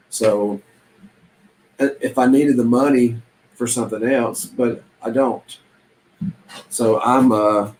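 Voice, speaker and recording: A man's voice: mid-range voice, darkish tone, a little hiss or hum, poor audio. A man chatting casually on a live stream about reselling, rambling in a folksy way with lots of ums and restarts. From Southern United States.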